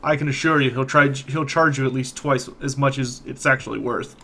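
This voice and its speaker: A man's voice: mid-range voice, fairly even intonation, a little fast, sharp tone, a little hiss or hum. A man voicing a friendly, grateful reformed thief in a tabletop game, in an easygoing, chatty manner.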